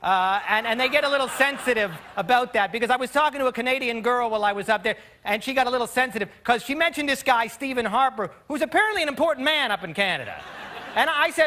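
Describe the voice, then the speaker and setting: High-voiced man doing stand-up. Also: animated, fast, bright, forceful tone, a little hiss or hum. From United States. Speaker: stand-up comedian. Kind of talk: stand-up routine. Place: television studio stage before a live audience. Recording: broadcast stage mic with audience laughter.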